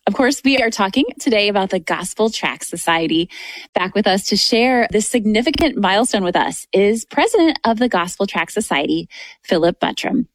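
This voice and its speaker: A woman's voice: medium pitch, lively intonation, normal speed, no room sound. Woman hosting a Christian radio talk show. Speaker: radio program host.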